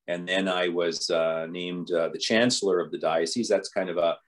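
A man's voice: low-pitched, steady tone, moderate pace. A man, a bishop telling stories from his life in an interview, rambling with frequent restarts. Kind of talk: storytelling in an interview.

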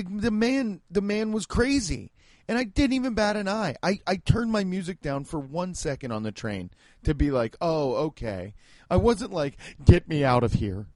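A man's voice: high-pitched, a little mellow, no echo. Profane rambling Midwestern man. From American Midwest. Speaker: podcast host and stand-up comedian. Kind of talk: casual monologue.

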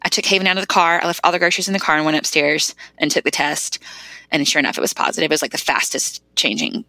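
Gravelly low-voiced woman telling her story. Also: fast talker, bright, forceful tone, dry recording. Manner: conversational, frequent "like" fillers. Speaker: podcast guest. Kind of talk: heartfelt personal storytelling.

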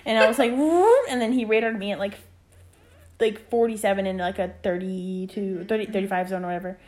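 A woman's voice: mid-range voice, level tone, fast. Chatty young woman telling stories. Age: 20s. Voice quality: chatty, peppered with "like" and acted quotes. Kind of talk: casual chat.

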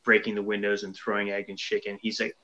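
A man's voice: on the low side, monotone, quick pace, pushed and bright, dull audio. A man casually chatting about a movie, laughing often and eagerly quoting lines. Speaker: podcast co-host.

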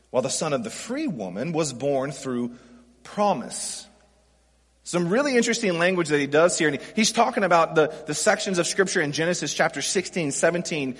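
A pastor with a high, husky voice preaches in a relaxed, conversational way, tossing out rhetorical questions to the congregation. His voice rings out in a hall with a long reverb. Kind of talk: sermon.

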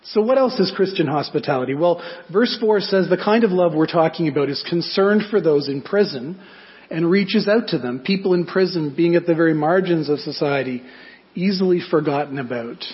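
A pastor preaches a sermon conversationally, often putting rhetorical questions to his listeners. His voice is on the high side at a moderate pace, and the audio is dull.

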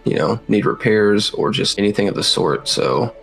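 Hesitant man with a lowish voice. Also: expressive, normal speed, vocal fry, a bit bright, husky, faint music behind. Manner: hesitant, many fillers. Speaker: player. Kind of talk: casual chat.

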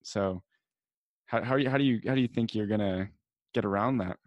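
A man's voice: on the low side, a little fast, no echo, dull audio. A man hosting an interview, asking hesitant, rambling questions. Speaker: interview host. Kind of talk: casual interview talk.

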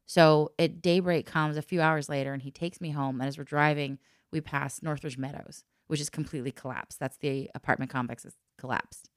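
A woman with a low voice tells a personal story in relaxed, casual talk. She sounds lively and laughs often, slipping into the voices of the people she quotes. The sound is close and dry, with no room around it. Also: a little fast, dry recording. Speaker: guest telling a personal story.

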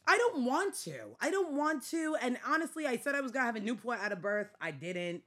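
A woman with a Staten Island New York accent, co-hosting a casual podcast chat in an animated, laughing, exclamatory way. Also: on the high side, fairly quick. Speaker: podcast co-host.

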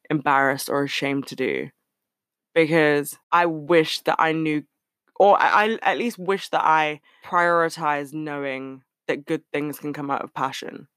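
A young adult podcast host chatting on their own show, animated and candid, scattering filler words and the odd swear. The voice sits at an average pitch and is recorded close and dry, with no room sound around it. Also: no room sound. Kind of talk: casual solo podcast chat.

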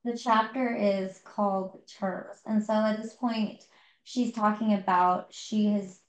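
A woman's voice: medium pitch, fairly even intonation, slow. Woman podcast co-host, casual and rambling, roomy echo. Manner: chatty, many fillers and restarts. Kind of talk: casual book discussion. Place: home.

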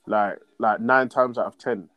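A man's voice: lowish voice, steady tone, unhurried, a bit bright, highs cut off. Frustrated young man ranting. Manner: frustrated, slangy, swears often. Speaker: football fan podcast host. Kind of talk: casual chat, reacting to a football match.

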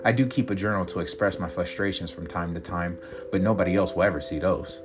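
A man's voice: low-pitched, fast talker. A man reading a first-person story aloud in a reflective, confessional way. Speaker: story reader. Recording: guitar music behind.

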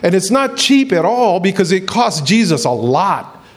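Animated male preacher, slightly high voice. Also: a little slow. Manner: animated, acts out quoted voices; repeats and restarts phrases. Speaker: pastor. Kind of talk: sermon.

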